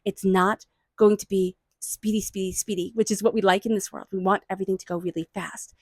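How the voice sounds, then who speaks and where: A woman giving a tarot reading, murmuring invocations to angels and spirit guides and offering warm, excited encouragement. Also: mid-range voice, a little fast, dry recording. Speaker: tarot reader. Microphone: own microphone.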